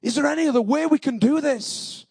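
A preacher acting out a proud, indignant commander. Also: male voice, very high voice, brisk, gravelly, a little mellow, no echo, studio quality. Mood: pleading. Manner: complaining, rhetorical questions. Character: indignant foreign army commander, proud man.

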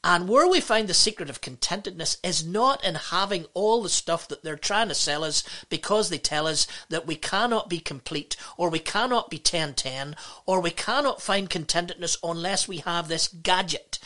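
A woman's voice: lowish voice, bright, forceful tone. A woman pastor preaching a sermon, emphatic and exclamatory, with many rhetorical questions.

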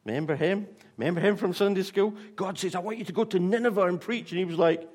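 Animated male preacher. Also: high-pitched, fast. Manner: animated storytelling with fillers and restarts. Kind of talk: sermon.

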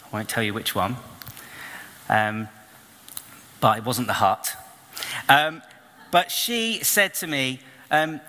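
Male preacher, bright forceful voice, animated storyteller, reverberant church hall. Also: medium pitch, normal speed, pauses often. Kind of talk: storytelling sermon.

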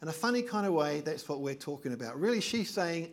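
A man's voice: fairly high pitch, lively intonation, a little fast, hardly any pauses. An older man preaching a sermon as pastor, earnest and emphatic, repeating key phrases.

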